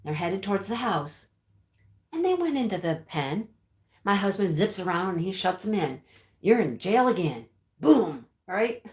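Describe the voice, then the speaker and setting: A woman's voice: mid-range voice, very animated, measured pace, a little mellow. An actress playing a chatty middle-aged woman who tells viewers a dramatic rooster story in a breathless, giggling way. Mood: animated. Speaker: livestream storyteller. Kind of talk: sketch comedy monologue to viewers. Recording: roomy echo.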